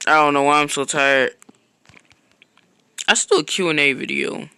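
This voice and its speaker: A man's voice: on the high side, fairly even intonation, a little slow, gravelly, long pauses, pushed and bright, smooth, rough recording. A man streaming a block-building game, chatting casually in a rambling, slangy way that often trails off into a mutter. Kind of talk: casual live-stream chat. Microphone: own streaming mic.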